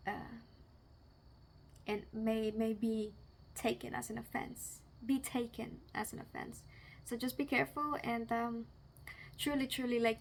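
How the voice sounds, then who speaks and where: Young woman, casual vlog talk, giggly, searches for words, a bit high-pitched. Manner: chatty, giggly, gropes for words. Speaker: vlogger.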